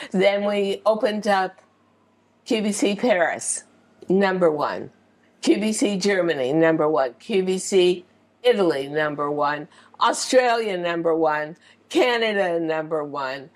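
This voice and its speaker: An older American woman telling stories from her career in an interview, animated and acting out the people she quotes. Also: lowish voice. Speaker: interview guest. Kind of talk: storytelling in an interview.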